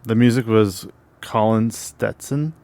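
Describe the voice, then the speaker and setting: A man's voice: on the low side, slow pace, dark tone. A man co-hosting a film podcast, laid back, running through crew credits in casual chat. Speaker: podcast co-host.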